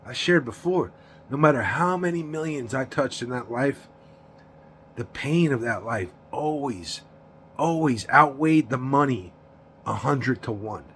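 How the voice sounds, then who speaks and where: A vlogger in his forties delivers a rambling, profane confessional monologue about his past, repeating words, laughing between lines, and often saying "you know what I mean." His mid-range voice is animated, slow, and a bit bright, with a little hiss or hum in the audio.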